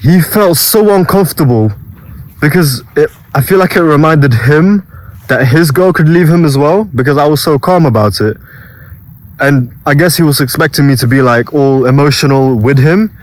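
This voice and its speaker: A man's voice: on the high side, normal speed, rough recording. A young man vlogging about self-improvement, telling a casual story with many restarts and quoted voices.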